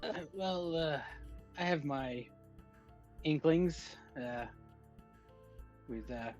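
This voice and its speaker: A man playing a tabletop game, speaking in a hesitant, relaxed way. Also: a little high, drawn-out words, soft background music. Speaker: player. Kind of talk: casual tabletop play. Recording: dull lo-fi mic.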